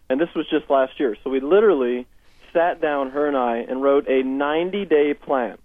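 Over a dry, tinny phone line, a Southern Californian life coach speaks a little high and a little fast through a headset, a guest on a radio interview. He tells upbeat stories about clients, voicing their words as dialogue.

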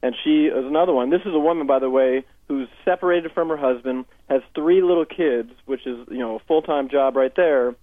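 Brisk and medium-pitched, he barely pauses, and the recording is dry. He's a life coach with a Southern Californian accent, a phone-in radio guest who spins upbeat stories about clients and quotes them in dialogue. The sound comes through a phone headset on a tinny, dry phone line.

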